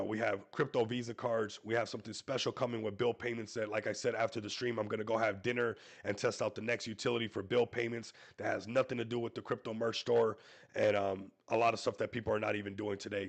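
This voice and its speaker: A man's voice: lowish voice, creaky. Stuffy-nosed hyped crypto streamer man. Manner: hyped, salesy, repeats "everybody". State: sick, stuffy nose. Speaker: crypto YouTuber host. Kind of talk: live stream promo talk.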